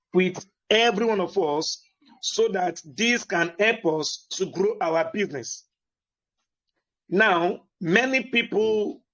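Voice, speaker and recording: A man hosts an online meeting and speaks slowly and deliberately in a fairly high voice. He repeats himself often, keeps asking whether everyone can hear him, and leans on fillers. The sound is dull and lo-fi, like a computer mic on a video call. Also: fairly bright tone. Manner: slow, deliberate delivery with many fillers. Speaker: host of an online business meeting. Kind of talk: motivational talk on an online call.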